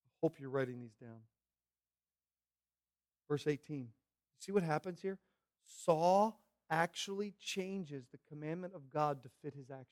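A man preaching a sermon as pastor, animated and acting out characters' voices as he teaches. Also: on the high side, unhurried, long pauses.

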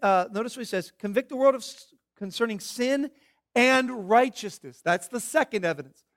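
A man preaching a sermon as pastor. He lays out numbered points and moves from forceful, stressed words to quiet, probing questions. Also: sits high. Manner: emphatic, swinging from shouted stresses to hushed questions.

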